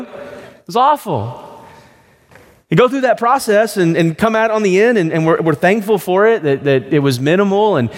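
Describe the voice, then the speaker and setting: A man's voice: sits high, expressive, normal speed, long reverb tail. A man preaching a sermon as pastor, in a conversational storytelling way.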